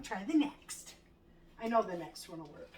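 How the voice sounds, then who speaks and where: A middle-aged woman chatting casually in her home kitchen while she cooks, telling a story with animated quoted lines and the odd swear. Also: mid-range voice, normal speed. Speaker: home cooking vlogger. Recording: distant mic, faint room noise.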